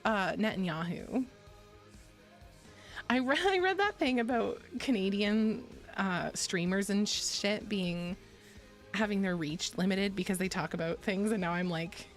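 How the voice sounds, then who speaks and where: A woman hosts a laid-back stream, rambling and giggling as she pokes fun at herself. Her voice sits at an ordinary middle pitch, close to a desk mic. Soft music plays faintly behind her. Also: measured pace. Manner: rambling, giggly, self-deprecating. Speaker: VTuber streamer. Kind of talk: casual chat stream.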